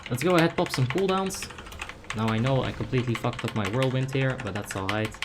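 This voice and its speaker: A man's voice: mid-range voice, a little fast, noisy background. Casual young man streaming a game. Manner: casual, reads chat aloud, excited bursts. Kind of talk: live gameplay commentary.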